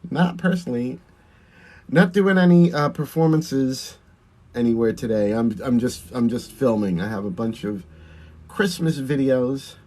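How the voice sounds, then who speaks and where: A man's voice: mid-range voice, a little mellow. A man with a Long Island accent, a drag performer chatting through a livestream while doing his makeup, answering viewer comments and laughing often.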